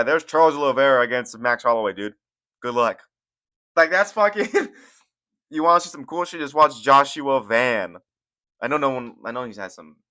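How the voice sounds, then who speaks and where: A man's voice: mid-range voice, sharp tone. A young man hosting casual, profane reaction commentary on fight sports, rambling and laughing as he goes. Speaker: commentary channel host.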